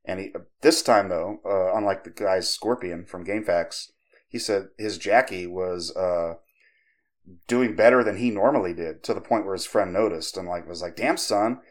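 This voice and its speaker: Dude with a fairly low voice on a podcast, chatty and sweary, puts on voices for quotes. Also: male voice, moderate pace. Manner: conversational, profane, animated when quoting others. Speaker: podcast host. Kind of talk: casual storytelling.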